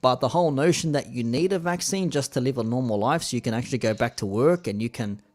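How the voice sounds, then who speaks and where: A man's voice: mid-range voice, fast talker, darkish tone. A man in his thirties with an Australian accent, hosting a laid-back, rambling live-stream chat in plain slang.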